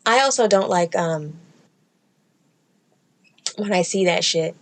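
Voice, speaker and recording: In casual conversation, a thirtysomething woman co-hosting a podcast speaks bluntly and profanely, breaking into loud bursts of laughter. Her voice is lowish and expressive, and she takes her time.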